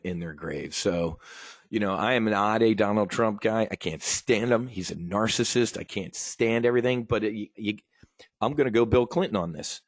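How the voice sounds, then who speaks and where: Blunt, profane man with a low voice. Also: dry recording. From United States. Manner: blunt, profane, fired-up, addresses listeners as folks. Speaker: podcast host. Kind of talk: casual political rant.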